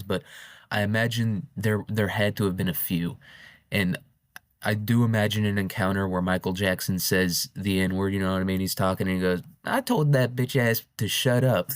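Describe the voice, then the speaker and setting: A man's voice: low voice, dry recording, studio quality. A man hosting a show, rambling through a casual, irreverent comic monologue and often laughing. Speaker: podcast host.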